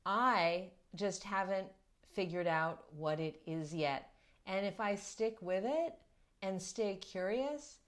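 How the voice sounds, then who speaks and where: A middle-aged woman parenting coach giving earnest, reflective advice and explaining her points through stories. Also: on the low side. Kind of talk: talking-head advice video.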